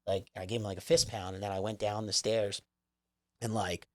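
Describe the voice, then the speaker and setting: A man's voice: fairly low pitch, flat delivery, moderate pace. A man, a comedian guest, telling a rambling, profane story in casual chat. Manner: profane, rambling, lots of fillers.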